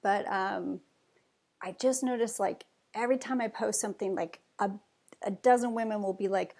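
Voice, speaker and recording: A woman speaks as a podcast guest in loose, rambling conversation, full of fillers. Her voice sits in a middle pitch with a gravelly fry under it. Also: fairly even intonation, moderate pace, a little mellow. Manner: chatty, rambling with many fillers. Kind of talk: casual conversation.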